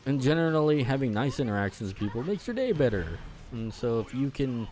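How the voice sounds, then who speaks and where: A man's voice: medium pitch, sing-song, brisk, a little mellow. A man giving casual gameplay commentary, rambling with lots of fillers and restarts and swearing freely as he rants. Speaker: gaming channel host.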